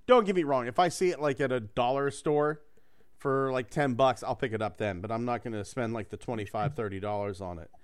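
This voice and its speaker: A man's voice: mid-range voice, a little fast, clear, resonant tone. A man co-hosting a casual podcast chat, rambling and joking, swearing freely.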